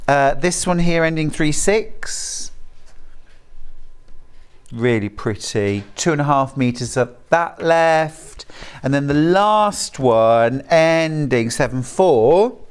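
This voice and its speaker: British woman, TV sales host, effusive, smooth and clear. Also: low-pitched, expressive, takes it slowly. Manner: gushing, enthusiastic. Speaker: shopping channel presenter. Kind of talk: live selling patter. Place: TV studio.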